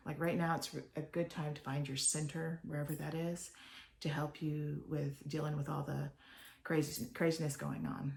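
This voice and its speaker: An older woman from Texas rambles warmly to her viewers in a low, gravelly voice, slipping now and then into a hushed whisper. She talks from her home office, and a faint hiss sits under the recording. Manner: chatty, meandering, drops to a whisper at times. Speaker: vlogger. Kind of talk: rambling casual vlog.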